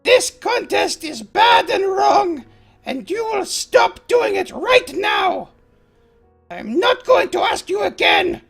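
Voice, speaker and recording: A man voicing a giant mutated male kobold, brash and bullying, in a shrill, high, shouting voice. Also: expressive, unhurried, faint music behind, full character voice. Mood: menacing shout. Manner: loud shouting threats, high squawking.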